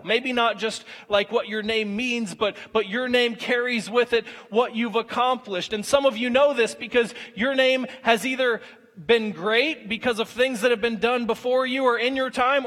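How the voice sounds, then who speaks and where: A pastor in his thirties preaches conversationally, acting out little everyday scenes as he goes. His voice is very high and fairly bright, carried by the long reverb of a large hall.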